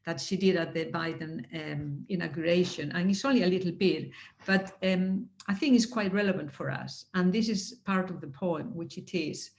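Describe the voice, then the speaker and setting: A woman giving heartfelt closing remarks on a video call, earnest and halting, with many restarts and moments of emotion. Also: lowish voice. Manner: emotional, laughing softly. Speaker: speaker at a network anniversary. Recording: roomy echo.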